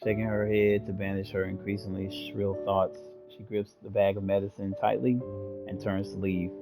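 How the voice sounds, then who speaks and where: A man's voice: lowish voice, flat delivery, moderate pace, over music. A man hosting a gaming channel, reading the story text aloud and breaking in with casual jokes. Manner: reads aloud, breaks off to joke and laugh.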